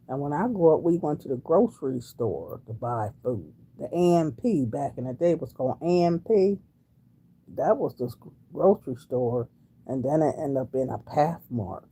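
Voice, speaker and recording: A woman's voice: low voice, dark tone, breathy edge. A woman in her sixties from Wilmington, Delaware, chatting casually on a livestream and answering viewers in a folksy way. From Wilmington, Delaware, USA. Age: 60s. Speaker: livestream host reading viewer comments. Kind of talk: casual live-stream chat.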